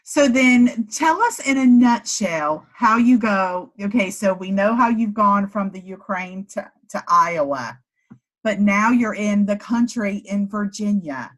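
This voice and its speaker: A woman's voice: mid-range voice, lively intonation, unhurried. A woman hosting a podcast, asking encouraging questions in a casual interview. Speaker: podcast host.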